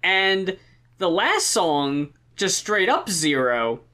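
A woman's voice: on the low side, very animated, slow, pushed and bright. A woman co-hosting a podcast, talking casually and bluntly about an album, swearing and laughing. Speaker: podcast co-host. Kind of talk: casual chat, album review.

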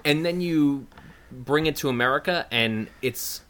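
A man's voice: on the high side, a little slow, a bit bright. A man co-hosting a podcast in casual chat, wry and sarcastic, swearing freely. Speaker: podcast co-host.

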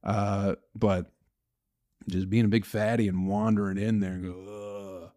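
A man's voice: on the low side, normal speed, darkish tone. Profane ranting male podcast host. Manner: profane, ranting, full of restarts. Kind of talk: solo rambling podcast rant.

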